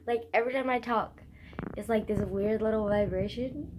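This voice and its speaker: A young woman with a hoarse, croaky, scratchy voice, chatting casually to camera, rambling and swearing as she talks. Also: a little high, steady tone, normal speed, a little mellow. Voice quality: scratchy rasp. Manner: rambling, swears often, heavy use of "like". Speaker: vlogger.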